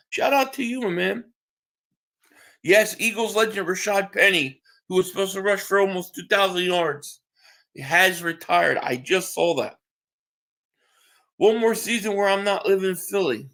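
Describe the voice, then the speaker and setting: A man's voice: high voice, a bit bright. A man hosting a live stream, chatting casually and answering viewers' comments while tired from just waking up. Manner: reads chat aloud and answers viewers, with restarts.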